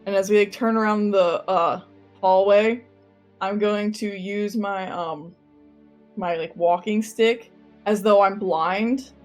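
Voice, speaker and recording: A woman's voice: medium pitch, steady tone, slow pace, soft background music. A woman playing a tabletop game, talking in a chatty, playful way. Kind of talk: casual chat.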